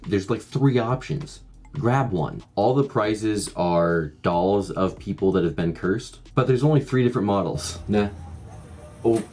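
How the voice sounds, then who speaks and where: A man with a low voice delivers comedic movie commentary, his tone jumping around a lot. He is sarcastic and full of joking asides. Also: expressive, unhurried, a little mellow, soft background music. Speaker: movie reviewer.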